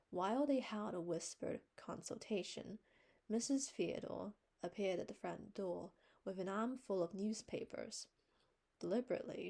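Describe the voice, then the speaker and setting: A woman's voice: mid-range voice, vocal fry, darkish tone, breathy edge. A woman reading a classic novel aloud, narrating plainly and steadily. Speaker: reader. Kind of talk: storybook narration.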